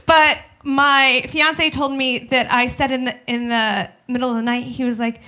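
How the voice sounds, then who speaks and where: A woman's voice: high voice, steady tone, unhurried, bright, forceful tone. A young woman doing a stand-up comedy set in a small studio, chatty and self-deprecating, acting out the voices of people she quotes. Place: small studio with live audience.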